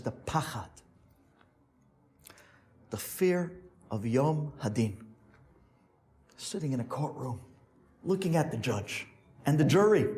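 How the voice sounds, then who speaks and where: A man, a rabbi, telling a sermon story and acting out each character's voice. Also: darkish tone. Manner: acts out characters with big pitch swings.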